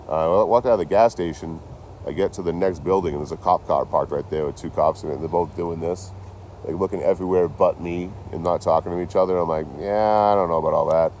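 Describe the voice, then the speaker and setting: A man's voice: sits low, slight background noise. A man casually recounting a run-in with police in a profane, rambling vlog, quoting the people he met. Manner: rambling, profane, animated retelling with quoted dialogue. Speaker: vlogger. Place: outdoors near trees and a road. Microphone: handheld phone.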